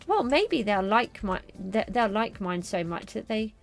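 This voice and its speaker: A woman's voice: medium pitch, sing-song, a little slow, creaky, soft background music. A middle-aged woman streamer chatting casually to viewers while she plays a game. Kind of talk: casual live gameplay commentary.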